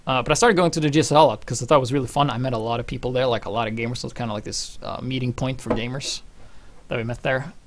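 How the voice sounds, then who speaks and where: A young man from Norway, telling personal stories casually in a rambling, animated way with free swearing. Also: mid-range voice, racing, a little hiss or hum. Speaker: channel host.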